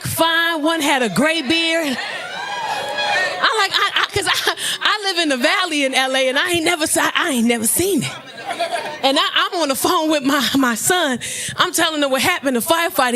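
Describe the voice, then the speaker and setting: A stand-up comedian, telling a loud, profane story on stage with punchy delivery. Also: female voice, very high voice. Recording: noisy live club recording. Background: audience laughter.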